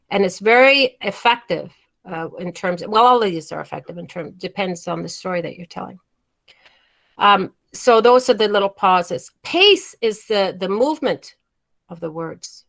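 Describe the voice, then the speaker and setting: A woman's voice: mid-range voice, a bit bright. A woman leads a storytelling workshop over a video call, with an emphatic manner. She drags out words she wants to stress and often restarts her phrases as she explains. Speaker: storytelling teacher.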